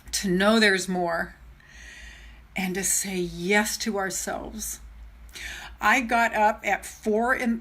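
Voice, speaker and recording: Bright, gushing older woman coach. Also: on the high side. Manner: gushing, chatty, greets viewers. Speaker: self-love coach. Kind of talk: live video chat with followers.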